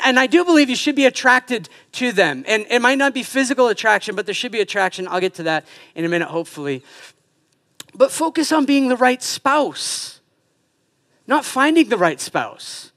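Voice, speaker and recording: A man preaching in a high, bright voice, animated and playful, slipping into quick impressions of other people. He delivers a casual, joking sermon to a church congregation. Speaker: pastor. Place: church sanctuary.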